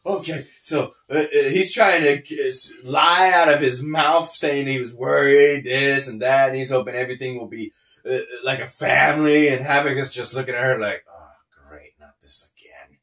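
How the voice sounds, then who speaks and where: A man's voice: medium pitch, moderate pace, reverberant. A man hosting a podcast, chatting casually about wrestling, laughing often and acting out scenes as he retells them. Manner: laughs often, animated retelling with acted-out quotes. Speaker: podcast host. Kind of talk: casual wrestling review chat.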